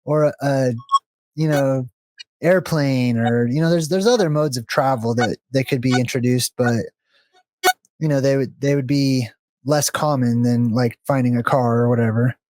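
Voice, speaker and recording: A man's voice: mid-range voice, steady tone, moderate pace, a little mellow, no room sound. Dry-voiced man rambling over gameplay. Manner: rambling, thinking aloud while explaining. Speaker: co-host of a gaming video. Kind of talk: casual gameplay chat.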